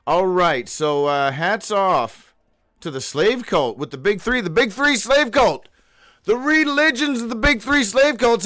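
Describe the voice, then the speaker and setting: A man's voice: sits high, fairly bright tone. A man hosting a daily live show, rambling through a profane, free-associating monologue read from his own notes, breaking into sudden whoops. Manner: reads aloud from his own notes, stumbling.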